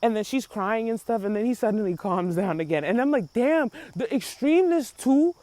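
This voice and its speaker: A woman's voice: fairly high pitch, animated, moderate pace, mellow, dry recording. Rambling woman commentator, lots of fillers. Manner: rambling, many fillers, acts out quotes. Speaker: commentary host. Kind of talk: casual commentary chat.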